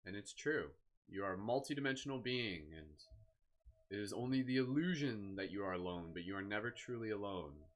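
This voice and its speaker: A man leading a live guided meditation, speaking slowly and soothingly with gentle encouragement. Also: lowish voice, lively intonation. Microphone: live stream microphone.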